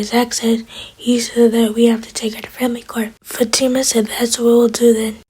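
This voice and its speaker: A woman recapping a TV episode in a breathy whisper. She retells each scene with quick "she's like" quotes and drops in sassy side comments. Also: on the high side, a little mellow, rough recording. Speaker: TV episode reviewer.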